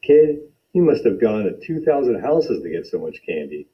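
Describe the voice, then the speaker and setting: A man's voice: fairly low pitch, big pitch swings, normal speed. A man doing a blunt no-nonsense policeman. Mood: puzzled. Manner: brusque, no-nonsense. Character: gruff adult male policeman, blunt and tough. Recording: dull lo-fi recording.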